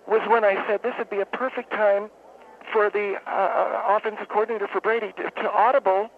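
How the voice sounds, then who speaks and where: A woman phoning in to a radio show, her voice squeezed thin by the telephone line with a faint hiss behind it. She tells her story in a rambling, halting, deadpan way, pausing and restarting often. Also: mid-range voice, vocal fry. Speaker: radio caller. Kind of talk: phone-in storytelling.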